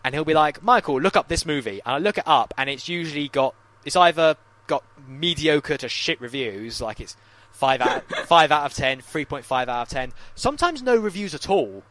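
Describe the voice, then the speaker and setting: A man co-hosting a casual podcast chat, telling animated stories, swearing freely and mimicking other people. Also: a little high, moderate pace, no echo. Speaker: podcast co-host.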